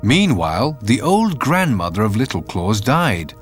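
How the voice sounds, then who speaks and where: A man reading a fairy tale aloud in an expressive, measured way, with faint music behind. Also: on the low side. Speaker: narrator. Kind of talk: storybook narration.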